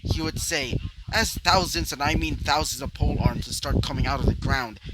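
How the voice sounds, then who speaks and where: A man's voice: a little high, moderate pace. A young man improvising a fan fiction story, rambling with many fillers and side rants. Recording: loud background noise.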